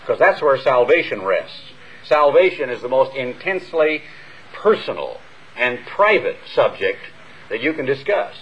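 An older American man preaches to a congregation in a hall, earnest and measured, pushing his voice up for emphasis and pausing between phrases. His pitch sits in the middle of the male range. The whole thing comes through a dull, muffled old radio recording. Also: very animated, breathy edge. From United States. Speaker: minister. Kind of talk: sermon. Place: church hall before a congregation.

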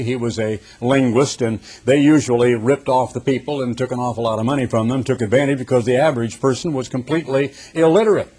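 Husky-voiced guy preaching, drags out the bible verses then just talks it through. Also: mid-range voice, darkish tone. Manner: reads scripture slowly and emphatically, then explains conversationally. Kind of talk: sermon with scripture reading.

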